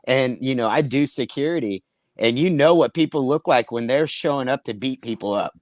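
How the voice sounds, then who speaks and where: A man's voice: mid-range voice, brisk, dry recording. Brief: male comic spinning a crude road story, dry close mic, acts out the voices. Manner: rambling, profane, acts out quoted voices. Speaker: comedian telling a story. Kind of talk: casual storytelling chat.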